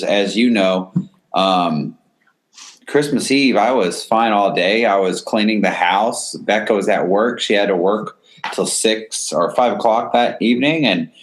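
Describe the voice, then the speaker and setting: Earnest low-voiced podcast host. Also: male voice. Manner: earnest, eager, with many ums. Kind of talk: casual podcast chat.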